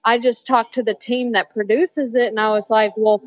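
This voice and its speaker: A woman from North Carolina with a slow Southern drawl, chatting upbeat as a guest on an interview. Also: a little high, fairly even intonation, highs cut off. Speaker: guest, cocktail social media creator. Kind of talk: casual interview chat.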